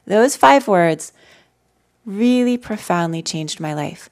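A woman telling personal stories in a gentle, conversational way as she leads a live mindfulness talk for an audience. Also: mid-range voice, lively intonation, slow. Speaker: mindfulness teacher. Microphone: handheld mic.

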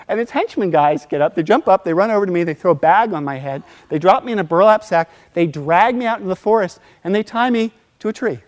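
A man's voice: sits high, quick pace, hardly any pauses. Man telling a story, acting out the voices. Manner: animated, acts out voices in quotes, laughs between lines. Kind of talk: casual personal storytelling.

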